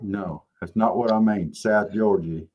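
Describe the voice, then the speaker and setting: A man's voice: on the low side, a little slow, highs cut off. A man, co-hosting a casual chat show and telling laid-back, joking stories. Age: 50s. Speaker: show co-host.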